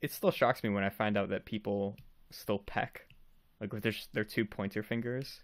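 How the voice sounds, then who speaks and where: A man hosting a casual podcast chat, animated and laughing often as he rambles through his questions. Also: on the low side, normal speed, dry recording, clean studio sound. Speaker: podcast host and game developer.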